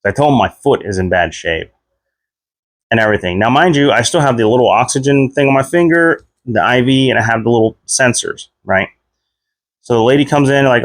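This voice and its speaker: A man in his thirties casually telling a personal story, leaping up in pitch whenever he replays his own reactions. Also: fairly quick, no room sound, clean studio sound. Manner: animated retelling, voice jumps high when quoting himself. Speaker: vlogger.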